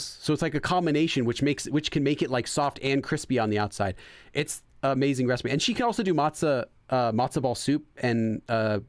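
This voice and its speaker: A man's voice: mid-range voice, dry recording. A man hosting a casual let's play, chatting in a rambling way with lots of fillers and self-corrections while translating game text aloud.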